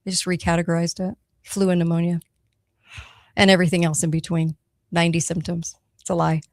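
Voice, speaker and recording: Low-voiced woman hosting talk radio. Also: flat delivery, a little fast, a little mellow, dry recording. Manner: emphatic, conversational, checks in with listeners. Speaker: radio talk show host. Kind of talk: solo talk radio monologue.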